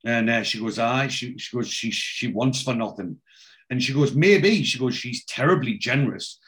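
A man in casual conversation, walking through a TV episode scene by scene. He quotes the characters as he goes and stumbles through fillers and restarts. He speaks at a middle pitch. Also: normal speed, a bit bright. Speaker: podcast co-host recapping a TV episode. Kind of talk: casual chat.

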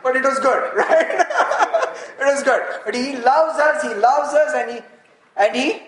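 A man preaching a sermon, animated and full of rhetorical questions. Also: extremely high pitch, moderate pace, reverberant, rough recording. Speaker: pastor.

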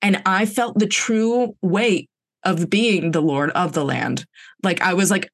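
A woman co-hosting a podcast in casual chat, telling an animated story full of "like" and acted-out quotes. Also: lowish voice, a little slow. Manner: animated storyteller who acts out quoted dialogue; frequent fillers like "like" and "um". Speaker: podcast co-host.

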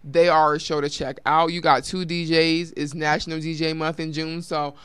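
A woman's voice: low voice, flat delivery, normal speed, clear, resonant tone, no echo. A woman from Colorado hosting a talk show, closing it with casual announcements and emphatic, repeated appeals to listeners. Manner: emphatic and repetitive, addresses listeners as y'all.

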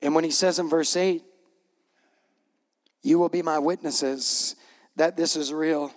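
Middle-aged guy pastor preaching, high voice, punchy repeated lines, gets choked up. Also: fairly even intonation, measured pace. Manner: gets choked up, laughing through emotion. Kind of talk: sermon.

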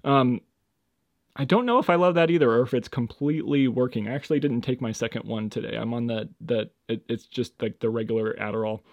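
A young man hosting his first solo podcast, rambling with lots of fillers, his voice jumping between loud and quiet as he drifts on and off the microphone. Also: fairly even intonation, fairly quick, no room sound, lo-fi sound. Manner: rambling, lots of fillers, swings in loudness and pitch. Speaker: podcast host. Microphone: home microphone, moves on and off it.

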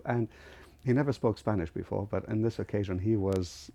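Gravelly deep-voiced older man. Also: normal speed, mellow. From Lebanon. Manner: vivid storyteller, acts out other people's voices. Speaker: guest, airline founder. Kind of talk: storytelling interview.

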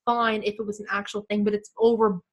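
A woman's voice: medium pitch, little pitch movement, fast talker. A young woman co-hosting a podcast in casual chat, telling stories with giggles and self-mocking jokes. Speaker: podcast co-host.

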